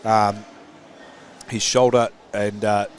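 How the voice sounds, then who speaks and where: A man's voice: on the low side, little pitch movement, slow, background noise. A man commenting live on a strongman lifting event in a chatty, analytical way, poking fun at his own slips. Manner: chatty, analytical, self-mocking.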